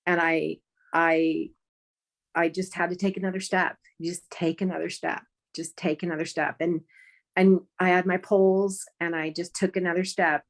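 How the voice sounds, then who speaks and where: Low-voiced woman telling a walking story. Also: level tone. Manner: earnest, halting, many restarts and fillers. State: close to tears. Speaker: guest. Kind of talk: conversational storytelling.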